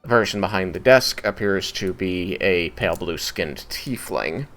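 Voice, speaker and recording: Slow, low-voiced man narrating a tabletop game. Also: animated, fairly bright tone. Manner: unhurried, hesitant with many fillers. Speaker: game master.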